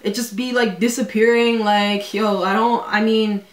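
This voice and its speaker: A woman's voice: medium pitch, steady tone, distant mic. A woman in her twenties vlogging casually at home, talking in slang and filling her talk with "like" and "yo". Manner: slangy, full of 'like' and 'yo', quick asides. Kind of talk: casual vlog. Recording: roomy echo, away from the mic.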